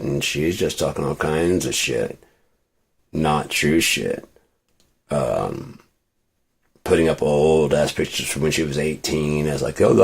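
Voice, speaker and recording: A man's voice: a bass voice, creaky, darkish tone, breathy edge. A man venting in a rambling, profane monologue with many restarts. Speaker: vlogger.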